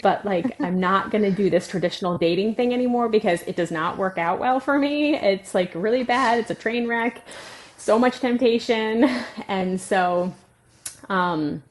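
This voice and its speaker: A woman's voice: medium pitch, unhurried. A middle-aged woman sharing her life story as a podcast guest, chatty and full of "like" and laughter. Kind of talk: casual personal testimony.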